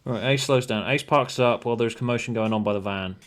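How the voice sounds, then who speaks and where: A man's voice: medium pitch, a little fast, a little hiss or hum. A laid-back man on a livestream, reading out stage directions as he types a script, with keys clicking behind him. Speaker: co-host typing the script. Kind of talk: casual livestream chat, reading out script lines.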